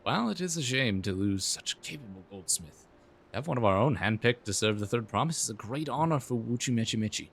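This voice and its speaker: A man's voice: mid-range voice, expressive, fairly quick, breathy edge. A man reading as a courteous guild master. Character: polite male craft guild master.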